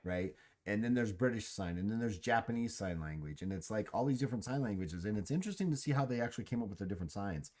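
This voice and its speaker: A low-voiced man chats casually as host of a gaming stream. He muses aloud, rambles and restarts his sentences as he thinks. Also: lively intonation, fast talker, few pauses, a little mellow. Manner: musing, rambling, with many restarts. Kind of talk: casual chat.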